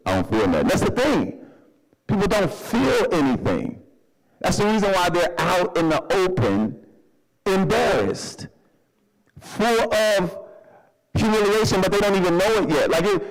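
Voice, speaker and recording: A man preaching a sermon in a church, animated and humorous, calling for responses from the congregation. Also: a little high. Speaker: pastor. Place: church sanctuary.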